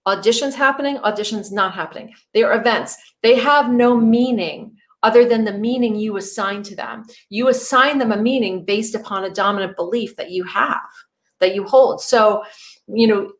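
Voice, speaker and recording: Woman, middle-aged, acting coach, group coaching, chatty, checks in with "right?". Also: mid-range voice. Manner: conversational, peppered with "you know" and "right?".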